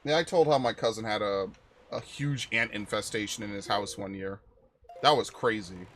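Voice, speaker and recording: A man's voice: lowish voice, moderate pace, slight background noise. Profane, rambling young male game streamer. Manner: rambling, profane, animated storytelling with sudden loud outbursts. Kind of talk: casual live-stream chat while playing.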